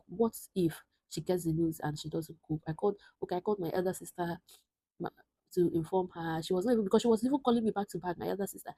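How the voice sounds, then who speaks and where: Husky, low-voiced woman in her twenties. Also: dark tone, no room sound, low-quality recording. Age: 20s. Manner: earnest, reflective, halting with restarts. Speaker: vlogger. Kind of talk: personal storytelling to camera.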